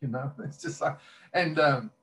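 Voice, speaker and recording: A man's voice: fairly high pitch, unhurried, fairly bright tone. Earnest rambling male minister. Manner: earnest, rambling with fillers and restarts. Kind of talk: personal testimony in conversation.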